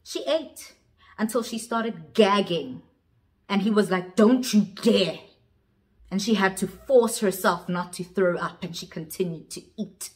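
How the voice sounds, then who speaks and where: A woman's voice: mid-range voice, measured pace. A young woman telling a story in a dramatic vlog style, switching languages as she goes. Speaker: vlogger.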